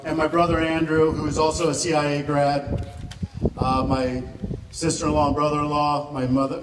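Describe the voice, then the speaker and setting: A man's voice: a little high, steady tone, moderate pace. A man giving a rambling, joking thank-you speech at an event, chuckling often and close to tears. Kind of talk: emotional off-the-cuff speech. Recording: echoey hall from far off, noisy room.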